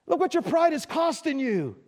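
A man voicing a stern prophet who pronounces judgment slowly and gravely. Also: fairly high pitch, darkish tone, in a large hall, pitched below the performer's own voice, natural voice. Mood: anguished. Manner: slow and grave, then pleading with anger. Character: stern prophet delivering God's doom, male.

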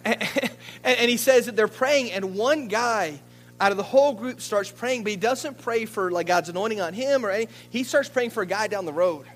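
A man preaching a sermon as a pastor, telling a story in a lively way and often repeating words as he goes. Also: high voice, rough recording. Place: church.

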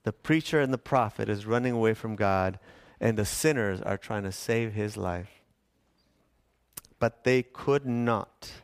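A man's voice: lowish voice, measured pace, clear, resonant tone. A middle-aged man, a pastor, preaching a sermon in a conversational storytelling way with acted-out quotes.

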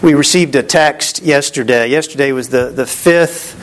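A man's voice: mid-range voice, moderate pace. A middle-aged man, a pastor, preaching a conversational sermon and acting out the disciples' lines.

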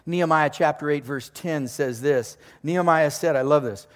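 A man's voice: fairly high pitch, normal speed, long reverb tail. An older man preaching a sermon as a pastor, in a conversational, joking storytelling manner before a live congregation.

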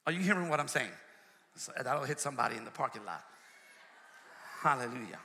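A man's voice: medium pitch, big pitch swings, fairly quick, vocal fry, bright, forceful tone. A man preaching a sermon, emphatic and repetitive, calling out to the congregation. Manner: emphatic call-and-response preaching, repeats phrases. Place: church sanctuary. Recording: long hall reverb.

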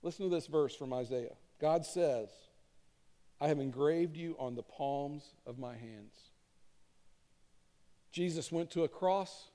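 A middle-aged man delivers a sermon from a church stage, earnest and conversational, leaning on repeated phrases. His voice is mellow and dark in tone yet pitched slightly high. The sound carries a long reverb from the large room. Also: slow pace, long pauses. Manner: conversational, earnest, emphatic repetition. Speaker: pastor.

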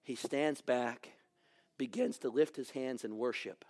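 A man preaching a sermon, telling stories dramatically and swinging from raised exclamations to hushed near-whispers. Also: medium pitch, a little slow.

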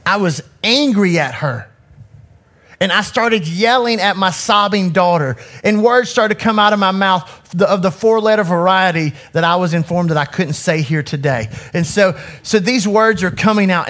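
A man in his forties who directs a youth ministry speaks to an audience through a handheld microphone, giving a frank, self-critical personal talk. His voice is high-pitched and somewhat bright, and he frequently restarts his sentences.

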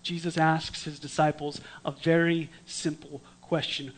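A man preaching a storytelling sermon in a conversational way, with dramatic swings from lively to hushed. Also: on the high side, a little slow. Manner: conversational with restarts.

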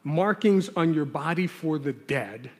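A man preaching a sermon with a fairly high voice, talking to the congregation like friends while leaning hard on the words that matter. His voice rings out with a long hall reverb behind it. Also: expressive, measured pace. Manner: earnest, conversational preaching with emphatic stresses. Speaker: pastor.

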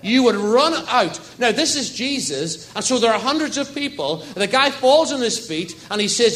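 Male pastor, high-pitched, sermon in church, anecdotes, rhetorical questions. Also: lively intonation, normal speed, few pauses, fairly bright tone. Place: church service.

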